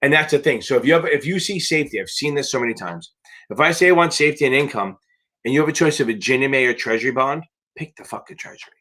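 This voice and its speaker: A man's voice: medium pitch, expressive, quick pace, pushed and bright. A man tutoring for a finance licensing exam on a live question-and-answer stream, talking bluntly and emphatically and swearing for emphasis.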